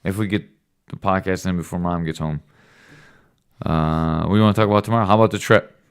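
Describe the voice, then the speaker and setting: A man's voice: low-pitched, steady tone, fast talker, clear, resonant tone. A man talking casually as a father hosting a home podcast with his son, teasing and joking with him. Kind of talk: casual late-night chat.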